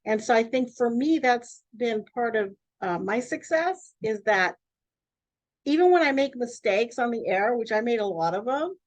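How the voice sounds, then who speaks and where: A woman who is a radio host, talking in a free-flowing, emphatic, animated way in a casual interview. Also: a little high, moderate pace, no echo, rough recording. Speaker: radio host and network owner.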